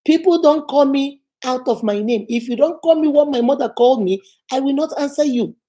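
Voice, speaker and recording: A woman's voice: high-pitched, a little fast. A woman vlogger telling a personal story casually to camera, acting out the people in it. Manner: animated, acts out quoted voices. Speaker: motivational vlogger.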